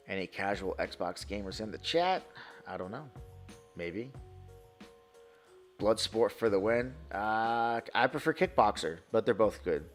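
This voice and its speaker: A man in his thirties from New York, chatting casually on a live stream, answering chat in a profane, excitable, rambling way. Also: fairly low pitch, measured pace, long pauses, faint music behind.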